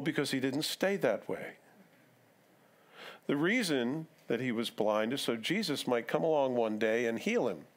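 A male pastor giving a casual, conversational sermon, asking his congregation questions and acting out the dialogue of the story he reads. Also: mid-range voice. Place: church sanctuary.

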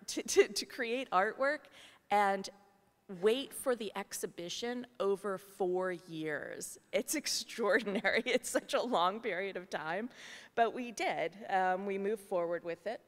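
A middle-aged woman artist speaking to a gathering, telling a personal story in a candid, earnest way with many asides. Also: mid-range voice. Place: large meeting hall. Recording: long hall reverb.

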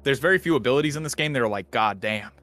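Bright-voiced man rambling on a podcast. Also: medium pitch, very fast, soft background music. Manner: rambling, animated, swears casually. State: out of breath. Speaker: podcast host. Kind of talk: casual gaming podcast chat.

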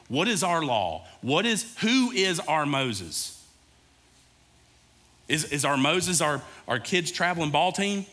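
A man's voice: on the high side, pushed and bright. A male pastor preaching a sermon in a casual, conversational way, talking directly to his congregation.

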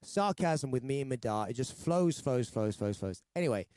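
A man's voice: mid-range voice, animated, moderate pace, a little mellow, dry recording, clean studio sound. A man with a London accent hosting a casual livestream, chatting and telling stories in a rambling, jokey way with lots of restarts. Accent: London English. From London, England. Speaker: singer-songwriter livestream host. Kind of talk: casual livestream chat and storytelling.

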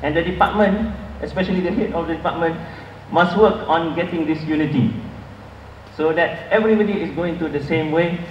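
Male conference speaker, high pitch, dull lo-fi hall recording. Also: a little fast, a little hiss or hum. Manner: earnest, emphatic, with filler restarts. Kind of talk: academic lecture. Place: large lecture hall. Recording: echoey hall, far from mic, dull.

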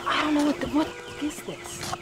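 A woman's voice: high-pitched, moderate pace, close to an everyday voice. A woman playing an impatient young adventurer who keeps snapping "no" in exasperation. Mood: exasperated. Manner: exasperated, sharp, repeats "no". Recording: noisy background.

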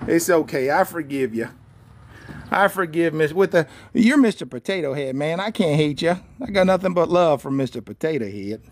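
A man's voice: fairly high pitch, animated, normal speed, a little hiss or hum. A man hosting a casual live stream as a cabin salesman, playfully teasing a viewer, laughing often and repeating himself, with folksy sign-offs.

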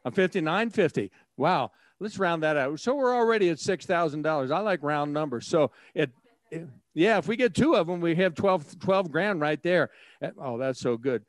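A man working as auctioneer at a live charity auction, cracking jokes between items and breaking into a rapid bid chant. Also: fairly high pitch, lively intonation, dry recording. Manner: jokey, chatty asides, rapid bid chant.

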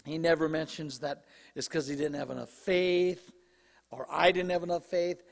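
A male pastor preaching a sermon in a conversational, animated way, his voice slightly hoarse. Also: on the high side, in a large hall. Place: church sanctuary.

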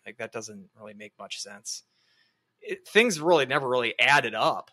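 A man's voice: medium pitch, moderate pace, sharp tone. A man co-hosting a sports podcast, talking through recruiting in a casual, analytical way with frequent restarts. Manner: analytical, hedging with many restarts. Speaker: podcast co-host.

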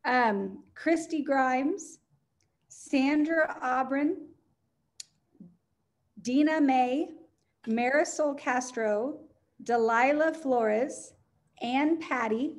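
A woman's voice: high voice, very slow, long pauses. A woman on a coaching conference call, cheerfully reading a list of names and sometimes stumbling over them. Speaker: co-host reading recognitions.

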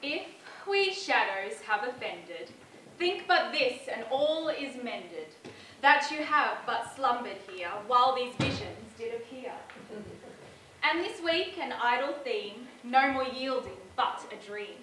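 Mischievous fairy Puck, played by a woman; bright, fairly high, unhurried verse, miked at a distance with quiet room noise. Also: expressive, full character voice. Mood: gentle. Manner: slow, deliberate verse speaking. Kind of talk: stage play performance. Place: theatre stage. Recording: roomy stage sound from far off.

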